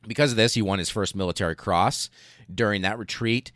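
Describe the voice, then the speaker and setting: A man's voice: lowish voice, brisk, no echo, clean studio sound. A man hosting a podcast, telling a history story casually and animatedly, with lots of swearing. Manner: profane, animated, laughs while telling. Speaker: podcast host.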